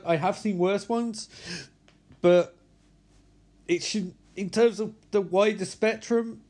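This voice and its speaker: A man's voice: sits high, darkish tone. A tired man reviewing a movie in a casual vlog, rambling and blunt, swearing freely.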